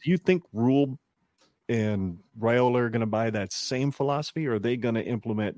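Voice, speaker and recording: A man's voice: medium pitch, brisk, darkish tone, dry recording. A man co-hosting a sports podcast, asking questions in a laid-back, casual way. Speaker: podcast co-host.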